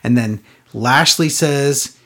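A man's voice: mid-range voice, slow pace, fairly bright tone. A man co-hosting a casual chat, recapping a show in a sarcastic, exasperated way. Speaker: podcast co-host recapping wrestling.

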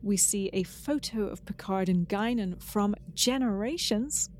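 A woman co-hosting a podcast, chatting casually and enthusiastically with lively asides. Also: medium pitch, unhurried, slight background noise. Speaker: podcast co-host.

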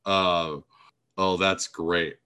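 A man's voice: low voice, little pitch movement, extremely slow, sharp tone, smooth. A man co-hosting a casual podcast, teasing his friend and rambling with fillers. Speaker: podcast co-host. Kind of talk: casual chat.

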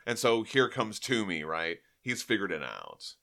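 Casting note: animated male podcast host, bright tone, casual comic recap. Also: fairly low pitch, measured pace, creaky. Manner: animated, acts out quotes.

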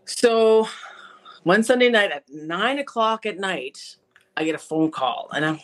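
A woman from Manitoba, a podcast guest telling her faith testimony, acting out conversations with lively animation. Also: medium pitch, unhurried. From Manitoba, Canada. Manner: animated storyteller who acts out conversations. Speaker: interview guest.

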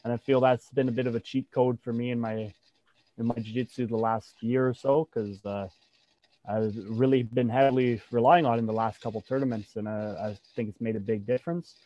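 A man's voice: medium pitch, fairly even intonation, fairly quick, dark tone. A man who competes in and teaches jiu-jitsu, talking in a casual interview with many fillers and restarts. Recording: dull, dry sound.

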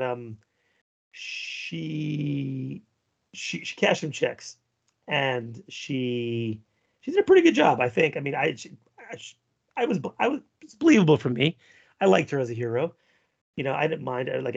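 A man with a gravelly, husky voice, pitched a little high, rambles through profane podcast banter and trips over his own words. The sound is dull and lo-fi. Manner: rambling, profane, stumbles and restarts. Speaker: podcast co-host. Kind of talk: crude casual podcast banter.

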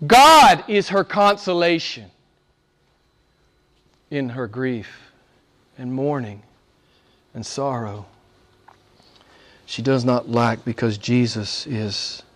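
An older man preaching a sermon, shifting from loud emphatic calls to hushed near-whispers and pressing his listeners with rhetorical questions. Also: a little high. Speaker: pastor.

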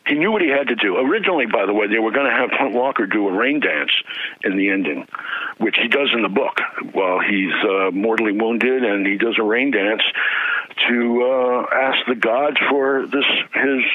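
A man's voice: medium pitch, normal speed, no echo. A man, an author guest in a casual interview, telling behind-the-scenes stories and acting out the quotes. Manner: animated storyteller acting out quotes. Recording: tinny phone line.

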